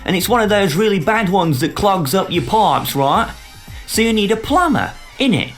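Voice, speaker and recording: A man's voice: high-pitched, big pitch swings, normal speed, a bit bright, soft background music, voice pushed up. A man voicing a scheming, slangy British businessman in a put-on cockney accent. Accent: put-on London cockney. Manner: slangy, conspiratorial, pushy.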